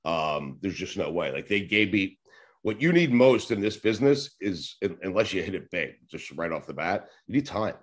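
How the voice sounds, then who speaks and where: Here the forties-aged New York radio host speaks in a low pitch, very animated, at normal speed. Telling rambling tales in a casual interview, he plays out old exchanges and swears offhandedly from time to time.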